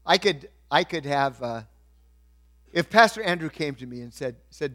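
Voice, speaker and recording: A middle-aged male pastor preaching a sermon, swinging from quiet asides to loud, emphatic points. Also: fairly high pitch, lively intonation, normal speed.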